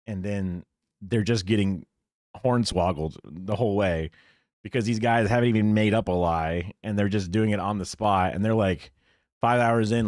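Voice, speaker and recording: A man's voice: on the low side, darkish tone, no echo. Male streamer, mocking reaction commentary, heavy swearing, dry room. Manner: mocking, swears a lot, mimics people in the clips.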